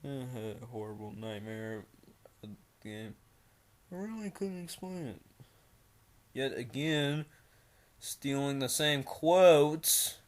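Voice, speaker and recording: A man's voice: mid-range voice, animated, takes it slowly, long pauses. Rambling young man reading a creepypasta. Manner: rambling, with many fillers and mocking asides. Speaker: creepypasta reader.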